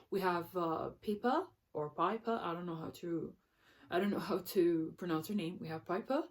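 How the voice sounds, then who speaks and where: Slow, low-voiced woman musing on a book. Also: darkish tone. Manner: thoughtful, searching for words with frequent restarts. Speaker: book vlogger. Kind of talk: casual book discussion.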